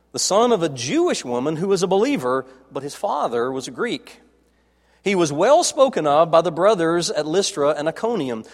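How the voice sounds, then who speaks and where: A man preaching a sermon in a dramatic way, dropping to soft, low tones as he retells scenes. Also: long reverb tail. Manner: dramatic, acts out quoted dialogue, drops to soft low tones.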